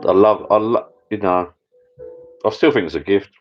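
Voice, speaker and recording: A man's voice: on the low side, normal speed, faint music behind. A man rambling in a casual live chat with viewers from his home bar room. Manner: rambling, chatty, many restarts. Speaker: channel host. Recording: dull lo-fi sound.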